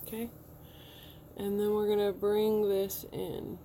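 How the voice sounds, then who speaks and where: A woman's voice: medium pitch, flat delivery, slow, warm tone, a little hiss or hum. A woman in her thirties, chatting casually as she talks through each step of a makeup look in a room at home. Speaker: beauty vlogger. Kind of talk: casual makeup tutorial talk.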